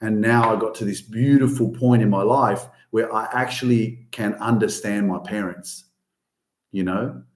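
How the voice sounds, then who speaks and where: A man's voice: fairly low pitch, fairly even intonation, a little slow. A man hosting a casual motivational podcast, talking emphatically, swearing often and pushing his voice up on key points. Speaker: podcast host. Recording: roomy echo.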